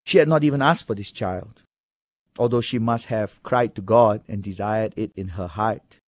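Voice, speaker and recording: A man preaching an expository sermon in an earnest manner, with sudden high emphatic rises. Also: moderate pace, no echo.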